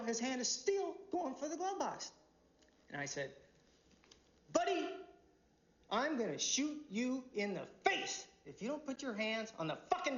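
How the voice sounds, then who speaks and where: An actor playing a brash cop telling a crude, loud war story. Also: male voice, very high-pitched. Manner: loud, swaggering anecdote. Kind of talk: film dialogue. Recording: dull, echoey film audio.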